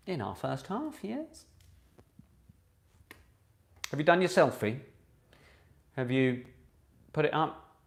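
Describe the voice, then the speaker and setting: A man hosting a live online pub quiz, chatting with viewers and reading out each question twice. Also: a little high. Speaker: quiz host.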